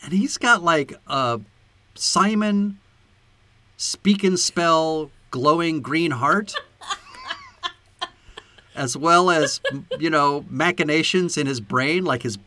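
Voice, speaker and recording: A man's voice: on the high side, slow, pauses often, sharp tone. A man co-hosting a podcast, chatting casually and profanely about a movie, laughing often. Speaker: podcast co-host.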